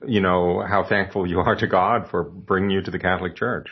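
A man hosts a religious call-in show and answers his guest in a measured, teaching tone. His voice sits very low. The recording sounds slightly dull and lo-fi. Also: fairly even intonation. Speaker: radio host.

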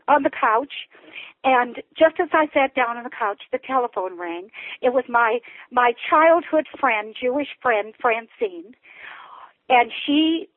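A woman's voice: on the high side, no room sound. Emotional woman telling her story over the phone. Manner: emotional, breathless storytelling with restarts. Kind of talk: personal testimony on a call-in show. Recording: tinny phone line, dry.

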